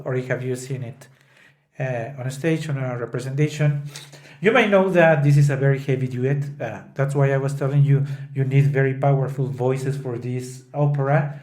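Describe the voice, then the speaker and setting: A man's voice: medium pitch, normal speed, a little mellow. A man hosting a podcast, retelling an opera scene by scene and breaking into sung snatches of the parts. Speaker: podcast host. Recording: roomy echo.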